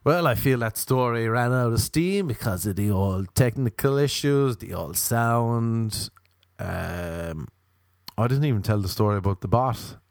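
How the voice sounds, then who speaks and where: A man telling a comic story in a casual way, often switching into high-pitched voices when he quotes other people. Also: animated, measured pace, no echo, studio quality.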